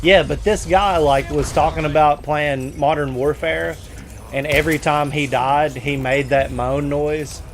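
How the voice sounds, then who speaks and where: A middle-aged man hosting a gaming stream, loud and joking with friends. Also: fairly high pitch, fairly even intonation, a little slow, a little hiss or hum. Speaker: streamer host. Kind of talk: casual gaming chat.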